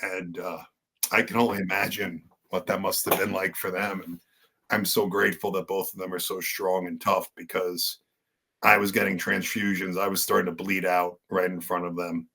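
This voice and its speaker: A man's voice: sits low, little pitch movement, normal speed, sharp tone, breathy edge. A man, a podcast guest and wrestler, telling his story in earnest conversational style with many fillers and restarts.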